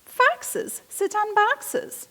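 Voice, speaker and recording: A woman voicing a calm, matter-of-fact cat in a children's storybook, patiently explaining in rhyming lists. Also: very high-pitched, very slow, voice pushed up, exaggerated voice. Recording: long hall reverb.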